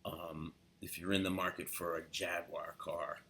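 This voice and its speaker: A man's voice: sits low, unhurried, creaky. A man from Los Angeles with a Southern California accent, casually teaching the local way of saying words with example sentences. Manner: relaxed, demonstrates words in quoted example sentences. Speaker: accent tutor. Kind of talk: casual spoken accent lesson.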